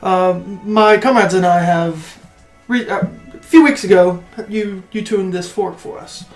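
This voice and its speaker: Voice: mid-range voice, steady tone, a little slow. A player speaking politely and formally in character during a tabletop game. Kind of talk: in-character tabletop role-play. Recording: echoey room with faint music.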